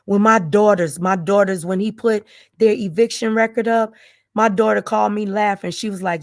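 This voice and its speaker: A woman's voice: mid-range voice, fairly even intonation, moderate pace, no room sound, studio quality. A middle-aged woman hosting her own channel, speaking in an emotional, emphatic monologue full of repeated vows and declarations. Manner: emphatic, repetitive, vowing and declaring. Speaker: channel host. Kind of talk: emotional direct-to-camera monologue.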